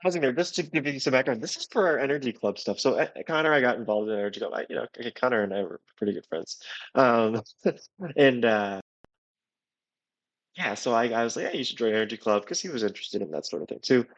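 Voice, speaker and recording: A young man hosting a podcast, rambling and halting through a casual commentary on an old episode. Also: mid-range voice, dry recording. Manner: rambling, halting, with many fillers. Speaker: podcast host. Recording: slightly dull lo-fi sound.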